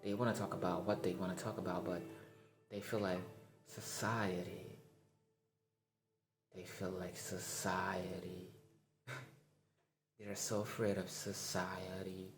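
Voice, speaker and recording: A man preaching to artists in a slow, deliberate, lower voice, slangy and fired up, sometimes sinking to a near whisper. His speech sits in a roomy, echoing space with loud music playing underneath. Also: little pitch movement. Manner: impassioned, preachy, slangy, swings to hushed whispers. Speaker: artist giving a motivational rant. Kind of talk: spoken motivational monologue.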